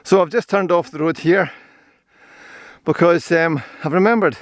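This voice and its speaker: A man's voice: on the high side, normal speed, dry recording, clean studio sound. Chatty older Scottish man outdoors. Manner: chatty, rambling, cheerful about scenery. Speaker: vlogger. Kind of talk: casual walking and running commentary. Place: outdoor forest trail.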